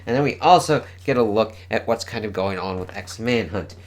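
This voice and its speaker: A man's voice: on the low side, moderate pace. A man casually reviewing a comic book, enthusiastic and swearing often as he reads panel dialogue aloud.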